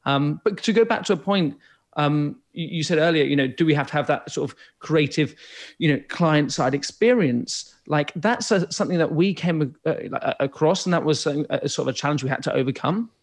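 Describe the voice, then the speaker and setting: A man who co-founded a business, talking as a guest in a halting way with many fillers. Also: on the high side, lively intonation. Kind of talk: casual interview chat.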